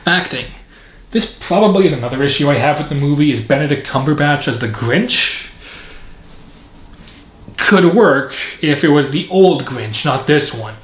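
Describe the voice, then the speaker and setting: A man's voice: on the high side, animated, moderate pace. A man reviewing a film in casual commentary, rambling and opinionated with frequent fillers. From Canada. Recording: echoey room.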